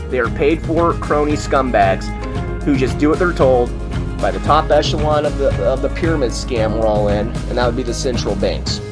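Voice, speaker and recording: Heated profane man ranting, music behind. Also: medium pitch. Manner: profane, heated, swings to loud outbursts. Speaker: online ranter. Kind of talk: angry political rant.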